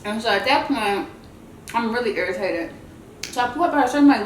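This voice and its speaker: A woman vlogger telling a story in a chatty, animated way while she eats, and she calls her viewers y'all. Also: on the high side, fairly quick, reverberant, a little hiss or hum, rough recording. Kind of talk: casual storytelling while eating.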